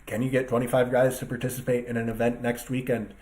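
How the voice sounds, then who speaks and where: A man's voice: mid-range voice, little pitch movement, quick pace, darkish tone. A man ranting to his viewers in a casual solo talk as an online commentator, emphatic, profane and rambling, speaking from his computer desk. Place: at a computer with two screens.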